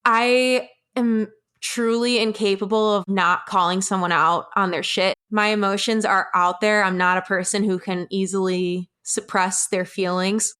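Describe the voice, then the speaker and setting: A woman's voice: medium pitch, fairly even intonation, a little slow, fairly bright tone, clean tone. A young adult woman, a guest on the show, recounting a personal story in a blunt, candid way and swearing freely. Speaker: podcast guest.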